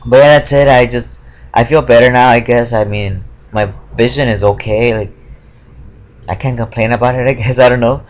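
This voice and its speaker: A man's voice: mid-range voice, fairly even intonation, normal speed. Young man, casual vlog story, rambling, swears a lot, frustrated. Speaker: vlogger.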